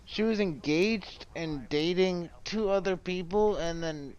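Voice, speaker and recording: A man's voice: high-pitched, measured pace, a little mellow, smooth, highs cut off. A man reacting live to a stream clip, incredulous and swearing heavily.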